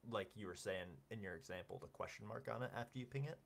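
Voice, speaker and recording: A man co-hosting a gaming podcast, talking in a measured, agreeable way, recorded on a distant mic with faint background noise. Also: fairly low pitch, vocal fry. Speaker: podcast co-host. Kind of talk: casual gaming podcast discussion.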